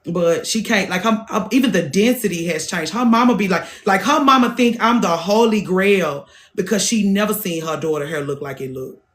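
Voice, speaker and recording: A woman's voice: medium pitch, moderate pace, few pauses. Blunt, cussing woman hairstylist talking shop. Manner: blunt, profane, repeats phrases for emphasis. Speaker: hairstylist and podcast host. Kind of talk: casual monologue.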